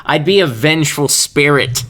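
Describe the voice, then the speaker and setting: A man's voice: a little high, normal speed, fairly bright tone. A young man hosting a casual solo podcast, rambling and joking with laughs between his thoughts. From Kansas. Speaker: podcast host.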